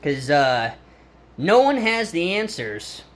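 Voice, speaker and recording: A man's voice: a little high, big pitch swings, slow pace. A man from the United States talking in a rambling home vlog, urgent and emphatic, repeating himself and stumbling through restarts. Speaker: home vlogger. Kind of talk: rambling self-filmed vlog. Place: inside his own home.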